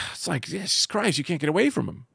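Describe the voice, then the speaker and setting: A man's voice: fairly high pitch, big pitch swings, brisk, creaky, a bit bright, slightly rough, dry recording, clean studio sound. A man hosting a podcast, chatting casually and animatedly about comedy gigs, with some swearing and put-on voices. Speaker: podcast host; stand-up comedian. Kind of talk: casual chat.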